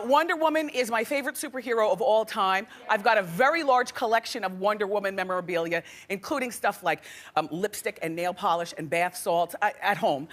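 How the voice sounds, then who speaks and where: A middle-aged woman hosting a daytime talk show, chatting and gossiping with frequent laughs, a bit out of breath. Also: mid-range voice. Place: television studio with live audience. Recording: loud studio audience and noise.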